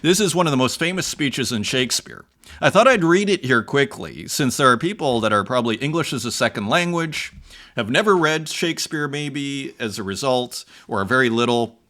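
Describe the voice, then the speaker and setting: A man's voice: mid-range voice, expressive, sharp tone. A man hosting a casual art commentary show, talking conversationally and reading comments aloud. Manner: conversational, often reads aloud with slow dramatic emphasis. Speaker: host.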